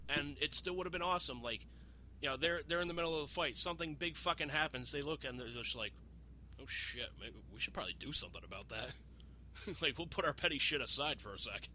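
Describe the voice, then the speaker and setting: Podcast host, male, bright and forceful delivery, excitable profane recap, light background hiss. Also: on the high side, fast talker. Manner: profane, animated retelling, acts out quotes. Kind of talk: casual podcast chat.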